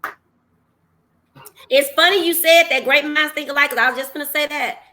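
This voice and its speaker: A woman talks in a casual podcast chat, high in pitch and bright in tone. She is animated and quick to exclaim. She acts out the words she once said herself. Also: a little hiss or hum. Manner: animated, exclaiming and acting out her own words. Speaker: podcast host.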